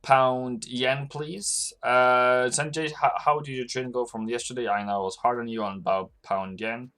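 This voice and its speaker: A man's voice: mid-range voice, steady tone, moderate pace, a bit bright. A man hosting a live trading stream, loosely rambling to his chat while working through charts. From Norway. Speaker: forex trading livestream host. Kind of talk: live-stream market commentary.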